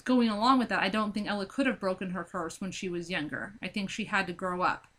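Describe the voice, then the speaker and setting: A woman in casual chat about a book and its film, animated and acting out scenes with lots of filler words. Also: medium pitch, fast talker. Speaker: book discussion co-host.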